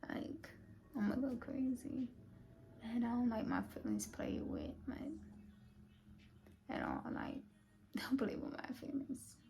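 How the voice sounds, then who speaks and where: Young woman vlogging a storytime, kinda high voice, chatty with lots of fillers, slips into whispers. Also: huge pitch swings, takes it slowly, long pauses, warm tone, slight background noise. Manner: chatty, filler-heavy, often drops to a half-whisper. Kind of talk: casual storytime vlog.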